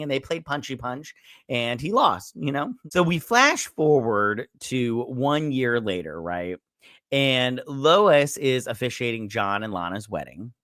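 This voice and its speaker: Bright, dry-voiced man rambling casually. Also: mid-range voice, no room sound. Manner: rambling, filler-heavy, swears, acts out quotes. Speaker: show host reviewing a TV episode. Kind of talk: casual review chat.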